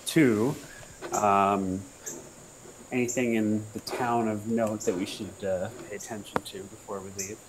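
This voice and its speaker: A male tabletop player with a lowish voice asks his questions in a halting, hesitant way. A faint hiss is heard behind him. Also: steady tone.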